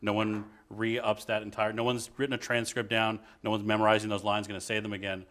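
Man, improv panelist, animated, self-deprecating, conversational talk. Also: on the low side, a little fast.

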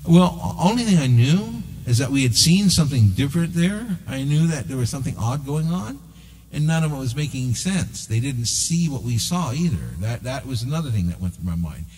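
A man hosting a talk show, telling a story in an animated way and acting out what others said. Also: medium pitch, brisk, husky, long reverb tail. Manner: animated, acts out quoted dialogue. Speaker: show host. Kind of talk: storytelling conversation.

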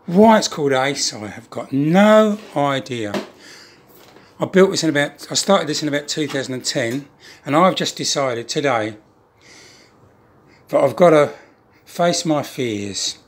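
A man's voice: fairly high pitch, lively intonation, a little slow. A man chatting to camera about his model trains, telling a joking story. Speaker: model railway hobbyist vlogger. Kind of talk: casual chat to camera.

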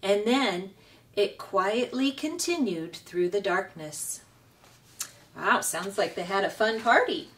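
A woman reading a children's book aloud in a slow, expressive way as a storytime host. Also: mid-range voice, recorded from a distance, slight background noise.

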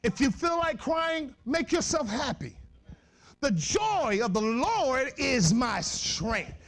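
High-pitched animated preacher man. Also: slow, creaky. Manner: animated, shouting bursts, laughing asides, slangy. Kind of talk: lively sermon to youth. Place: church.

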